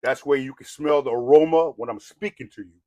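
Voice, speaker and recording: A man's voice: mid-range voice, a little fast, darkish tone, no room sound, highs cut off. A man from Southern California with a Samoan-tinged accent, delivering a rambling, preachy rant that is blunt and profane and full of "you know what I mean". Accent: Samoan-influenced Southern California. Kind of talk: ranting monologue.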